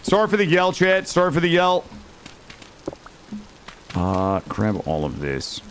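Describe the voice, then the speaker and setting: Excitable swearing game streamer, man. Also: a little high, unhurried, slight background noise. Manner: excitable, swears often, talks to chat. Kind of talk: live gameplay commentary.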